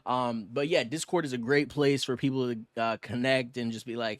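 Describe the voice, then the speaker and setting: A young man co-hosting a podcast, talking fast and loose with lots of slang, cursing and filler words. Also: mid-range voice, steady tone, dry recording, studio quality. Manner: fast, rambling, slangy and profane, with many fillers. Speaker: podcast co-host. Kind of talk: casual podcast chat.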